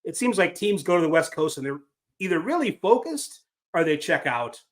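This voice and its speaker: A man's voice: on the high side, big pitch swings, moderate pace. Wry, rambling male podcast host. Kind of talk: casual sports talk.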